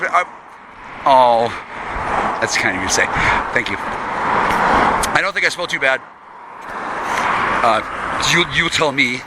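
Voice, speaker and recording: A man rambling and swearing constantly while walking along a town street, talking to an unseen listener he calls sweetie. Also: medium pitch. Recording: loud street and traffic noise.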